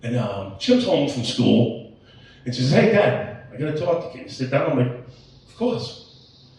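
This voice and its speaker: A man's voice: medium pitch, sing-song, fairly quick, a little mellow. A man in his late forties doing a crude, rambling open-mic stand-up set, full of swearing and self-interruptions. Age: 40s. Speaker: stand-up comedian. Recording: echoey room, mic at a distance.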